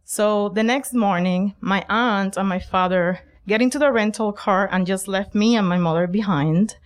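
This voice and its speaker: A middle-aged woman from Puerto Rico telling a personal story, lively and emphatic, acting out quoted lines. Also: mid-range voice, normal speed, smooth. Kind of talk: personal story told to an audience.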